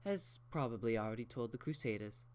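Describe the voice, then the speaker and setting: A man's voice: mid-range voice, lively intonation, a little fast, close to an everyday voice. A man voicing an elegant, proper unicorn mare who speaks in a genteel, theatrical way. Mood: breezy.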